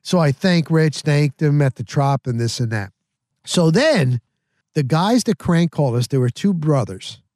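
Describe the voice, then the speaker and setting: A man hosting a podcast, telling a rambling, animated story in a casual way. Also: mid-range voice, no room sound, studio quality. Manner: rambling, animated, repeats himself. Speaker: podcast host.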